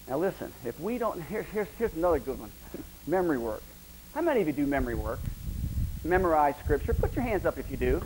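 Emphatic middle-aged preacher. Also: male voice, fairly high pitch, very animated, fast, darkish tone, a little hiss or hum, low-quality recording. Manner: emphatic, conversational preaching with frequent restarts. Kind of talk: sermon.

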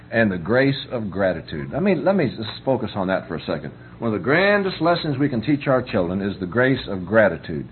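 A man's voice: mid-range voice, breathy edge. A middle-aged man preaching a conversational sermon on parenting, folksy, often asking whether listeners understand. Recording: tinny phone-like recording with faint hum.

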